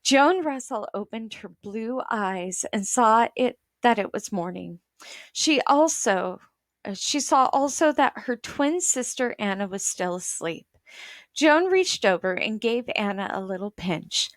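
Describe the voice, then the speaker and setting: A woman with a fairly high voice reads a children's storybook aloud at a very unhurried pace. She takes her time over each line, explaining unfamiliar words for young listeners, and the sound is dry and close with little room echo. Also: lively intonation. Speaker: children's book reader. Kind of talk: reading a children's book aloud.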